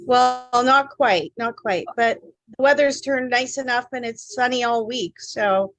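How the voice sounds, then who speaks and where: A woman viewer joins a live stream by video call and chats in easy, short answers. Her voice sits a little high and sounds close and dry, with no room around it. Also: a little slow, no room sound, poor audio. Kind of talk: casual chat.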